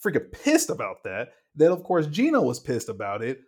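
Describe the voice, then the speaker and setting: A man's voice: a little high, normal speed. A young man co-hosting a casual sports podcast, getting worked up and acting out what players said. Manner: animated, gets worked up, acts out quotes. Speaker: podcast co-host.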